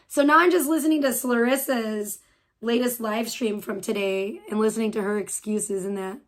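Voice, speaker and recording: A woman live-streaming from home, reacting to another stream with profane, mocking, sarcastic commentary. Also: on the high side.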